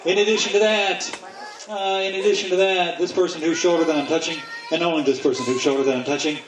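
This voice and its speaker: A man's voice: fairly high pitch, fairly even intonation. Man hypnotist heard from far off. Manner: playful teasing banter, slow soothing induction counts. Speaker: stage hypnotist. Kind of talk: hypnosis show patter. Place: outdoors in a yard at night. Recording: distant camera, echoey, noisy crowd.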